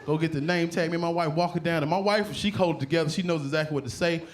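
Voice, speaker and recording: A man doing a stand-up comedy set, telling loose, profane stories and jumping into loud shouted voices. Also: on the high side, fairly even intonation, racing. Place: comedy club stage before a laughing crowd. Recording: live show with loud crowd laughter and noise.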